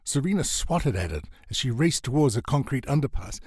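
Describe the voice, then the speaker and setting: A man narrates a comic novel in a husky, breathy voice. His delivery is animated and expressive, rising and falling widely to land the jokes. The recording is dry and close. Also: brisk, dry recording. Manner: expressive, swings pitch for comic effect. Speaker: audiobook narrator.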